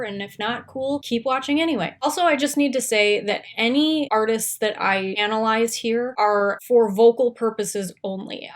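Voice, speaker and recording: A young woman casually explaining singing technique in a chatty tutorial, with lots of fillers. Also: mid-range voice.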